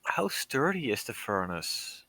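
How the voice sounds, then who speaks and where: A man playing a tabletop game, sly and deliberate in his questions. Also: medium pitch, very animated, sharp tone, no room sound. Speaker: player. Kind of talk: casual tabletop play.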